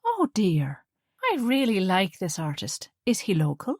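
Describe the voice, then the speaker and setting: A woman's voice: medium pitch, huge pitch swings, unhurried, dry recording, studio quality, heavily acted. A woman voicing a wary woman who keeps her tone light and polite, feigning innocence.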